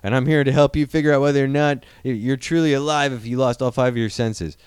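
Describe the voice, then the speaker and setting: A man's voice: medium pitch, steady tone, fast, a little mellow, smooth, dry recording, studio quality. A man co-hosting a podcast in casual banter, joking and swearing as he rambles through hypotheticals. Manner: profane, joking, trails off into mock inner voices. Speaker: podcast co-host.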